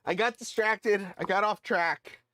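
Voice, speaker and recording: A man's voice: sits high, a little slow, sharp tone, a little hiss or hum. A man casually chatting on a live stream, reading a letter aloud with lots of fillers and self-deprecating asides. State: voice cracking. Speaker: model railroad streamer.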